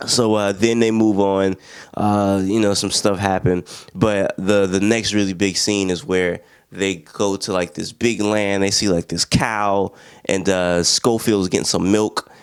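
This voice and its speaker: A man's voice: sits low, measured pace, smooth, no room sound, studio quality. A young man, casually recapping a war movie and acting out the characters' lines. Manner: slangy, animated retelling with acted-out quotes. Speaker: film reviewer.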